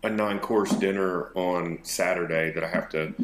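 Deep-voiced man in an echoey room. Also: normal speed, background noise. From North Texas. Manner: relaxed, rambling, hesitant with fillers. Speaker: podcast co-host. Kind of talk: casual chat. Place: home, remote call.

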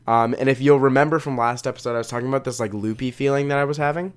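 Smooth-voiced chatty podcast host. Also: male voice, mid-range voice, steady tone, rapid-fire. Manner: chatty, rambling storyteller with fillers. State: has a cough from a chest infection. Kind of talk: casual chat.

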